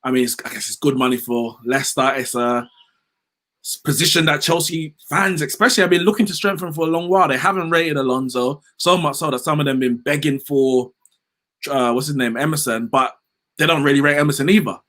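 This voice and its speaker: A man hosting a casual football livestream, animated and slangy, reading out viewer comments. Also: a little high, brisk. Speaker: host.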